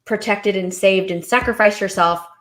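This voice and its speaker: A woman's voice: medium pitch, moderate pace. Woman griping in casual stream chat. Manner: rambling, trails off and restarts, gets animated when griping. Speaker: co-host.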